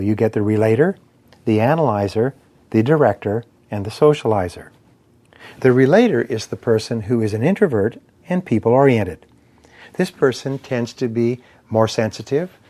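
Male speaker, motivational lecture, measured emphatic delivery, mid-range voice. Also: mid-range voice, dark tone. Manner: measured, emphatic, lists points in cadence. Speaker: speaker on persuasion and sales.

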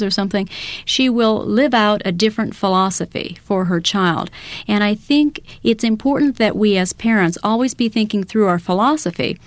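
A woman at a middle pitch, speaking to parents in an explanatory way. Her voice comes through dry and close, and she builds her points from everyday scenes. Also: moderate pace, no echo. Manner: explanatory, with illustrative scenarios. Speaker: parenting educator.

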